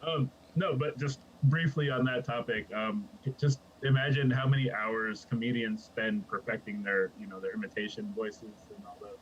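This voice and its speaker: A man's voice: fairly low pitch, fairly even intonation, moderate pace, hardly any pauses, muffled recording, a little hiss or hum. Rambling, laughing male podcast co-host. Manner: rambling, laughs often, checks in with "right?". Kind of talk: casual chat.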